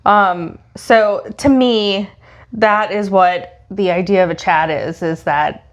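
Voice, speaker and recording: A woman co-hosting a podcast, talking casually and hesitantly with many pauses. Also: on the low side. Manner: hesitant, many ums and uhs. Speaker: podcast co-host. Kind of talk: casual chat.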